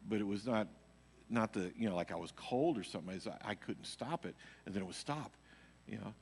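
A man with a lowish voice tells a loose, rambling testimony to a congregation, leaning on casual fillers as he goes. He is caught live in a church sanctuary, and his words trail off into a long hall reverb. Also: animated, brisk, a little hiss or hum. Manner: rambling storytelling, heavy on fillers. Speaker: worship leader speaking at church.

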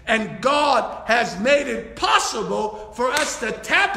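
A man's voice: extremely high pitch, very animated, slow pace, creaky, hardly any pauses, bright, forceful tone. A man preaching a sermon as a bishop-elect, repeating his phrases and breaking in with praise. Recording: echoey church hall.

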